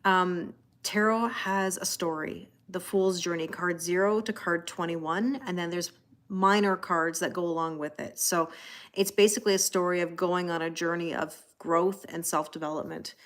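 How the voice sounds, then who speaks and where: A woman's voice: fairly low pitch, fairly even intonation, moderate pace, a bit bright. A woman in her forties, chatty and laughing often, greeting viewers by name as she reads tarot cards on a live stream. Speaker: tarot reader. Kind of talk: casual live-stream card reading.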